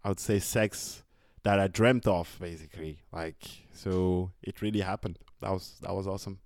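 A man's voice: low voice, fairly even intonation, normal speed, a little mellow, no room sound, clean studio sound. A man appearing as a podcast guest, telling a personal story in a casual, laughing way. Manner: casual, laughing, with fillers like "like" and "basically".

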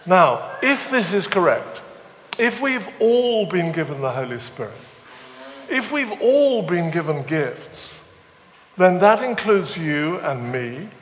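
Male preacher, wry storyteller, slightly higher voice, long reverb with faint noise. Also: very animated, slow pace, a bit bright. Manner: humorous storytelling, self-deprecating asides. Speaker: visiting preacher. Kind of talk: sermon. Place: church weekend away venue, large room.

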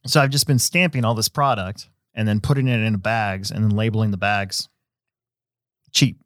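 A low-pitched man hosting a relaxed podcast chat, rambling along with fillers and restarts. His voice sits dry and close on the mic, with no room around it. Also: moderate pace, no echo. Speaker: host; hobby shop owner.

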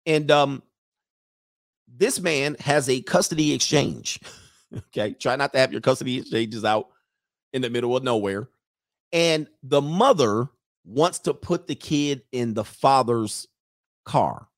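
A man's voice: mid-range voice, a little slow, pauses often, no room sound, studio quality. A man hosting a reaction commentary, talking about a video clip in an emphatic, sarcastic way. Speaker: commentary host.

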